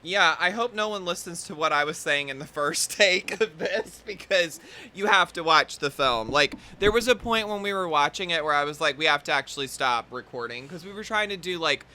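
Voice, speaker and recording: A man's voice: a little high, animated, moderate pace, bright, forceful tone. A male podcast host chatting casually and expressively, often laughing. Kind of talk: casual chat.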